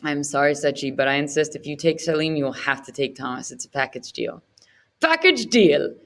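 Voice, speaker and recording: A woman's voice: low-pitched, expressive, brisk, fairly bright tone. Woman reader doing a scheming male orphanage keeper, wheedling and eager to please. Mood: insistent. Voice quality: ingratiating, wheedling.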